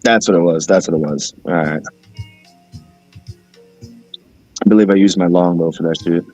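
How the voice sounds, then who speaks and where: A man's voice: low voice, measured pace, a little mellow, faint music behind. A man playing a tabletop game, talking loosely and joking with casual swearing. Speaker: player. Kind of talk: casual game-night chat.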